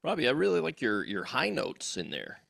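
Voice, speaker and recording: A man's voice: mid-range voice, huge pitch swings, moderate pace, vocal fry, fairly bright tone, dry recording, studio quality. A man on a podcast, bantering casually and teasing the others with laughs. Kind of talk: casual chat.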